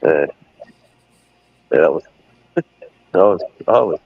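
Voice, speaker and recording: Middle-aged man, casual rambling co-host, low voice, dry and dull mic. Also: animated, slow pace, gravelly, husky, dry recording. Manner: rambling, laughing retellings. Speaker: livestream co-host. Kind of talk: casual chat.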